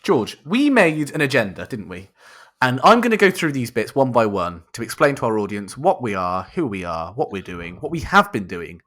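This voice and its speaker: A man's voice: medium pitch, very animated, moderate pace, fairly bright tone. Joking young Englishman co-hosting a podcast. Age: young adult. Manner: joking, bantering, laughs often. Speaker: podcast co-host. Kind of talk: casual chat.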